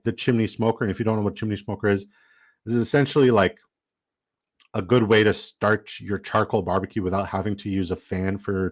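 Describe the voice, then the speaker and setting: A young man casually telling his viewers a long story, animated and rambling, with lots of "like". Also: lowish voice. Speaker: fantasy football streamer.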